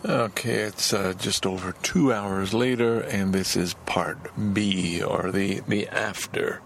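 A man recording a personal audio diary as a podcaster, talking frankly in a halting way, repeating words and restarting his sentences. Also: deep voice, fairly even intonation, vocal fry, a little hiss or hum.

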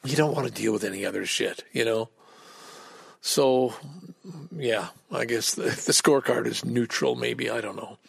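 A man's voice: mid-range voice, moderate pace, creaky, a bit bright, slightly rough, dry recording. A man hosting a podcast, telling a rambling story in a casual monologue, with frequent restarts and blunt swearing. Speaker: podcast host.

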